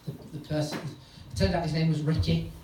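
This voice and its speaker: A male stand-up comedian, telling a rambling, sweary story in a deadpan way on a club stage. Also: a little high, fast talker. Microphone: stage mic. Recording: echoey room from far off, noisy. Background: audience laughter.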